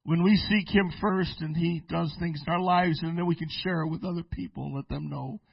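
A man who is a pastor, preaching a sermon and telling stories with restarts, sometimes slowing down and sometimes breaking into shouts. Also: on the high side, fairly even intonation, vocal fry, husky, no room sound, highs cut off. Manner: preaching with sudden shouted bursts and slow drawn-out phrases; storytelling with restarts and repeated words. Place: church sanctuary.

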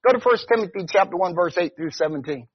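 A man's voice: high voice, expressive, fast talker, husky. A man preaching a conversational sermon as pastor, often stopping to ask "see?". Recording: dull lo-fi recording.

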